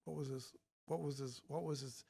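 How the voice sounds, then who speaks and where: A man hosting an interview, asking halting questions with many restarts. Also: mid-range voice, fairly even intonation, vocal fry, mellow, breathy edge. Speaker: podcast host.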